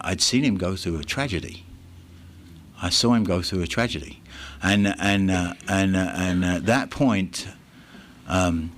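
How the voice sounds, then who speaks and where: An English man speaking at a recovery meeting, telling his personal story in a halting way with many restarts and fillers. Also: sits low, a bit bright, slight background noise.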